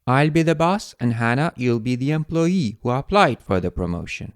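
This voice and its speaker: A man teaching an English lesson, explaining phrases in a clear, deliberate way. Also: medium pitch, expressive, no echo, studio quality. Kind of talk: scripted language lesson.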